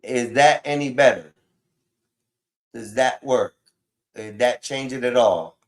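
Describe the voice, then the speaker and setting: This livestream host, speaking in a mid-range voice and taking his time, chats casually with his viewers through a phone mic. Frequently exasperated, he curses heavily.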